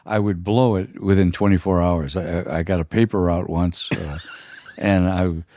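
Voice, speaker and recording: Husky deep-voiced older man telling stories. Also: fairly even intonation, dark tone, no room sound, clean studio sound. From United States. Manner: rambling, halting anecdote with many fillers. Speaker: guest musician. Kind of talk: casual storytelling.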